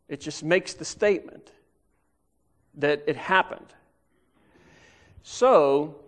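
A man preaching a sermon in church, explaining Bible verses step by step and reading scripture aloud with pauses. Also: a little high, vocal fry.

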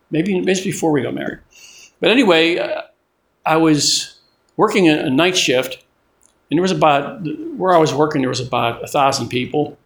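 Older guy giving a sermon, a bit higher voice, chatty, keeps restarting words. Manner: conversational, often repeats and restarts words. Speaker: preacher.

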